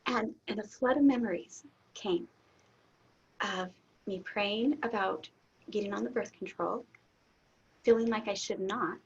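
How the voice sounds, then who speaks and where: A middle-aged woman, a guest in an interview, telling a personal story candidly, laughing often and getting suddenly loud. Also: mid-range voice, a little slow, long pauses, slightly rough. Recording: dull lo-fi audio.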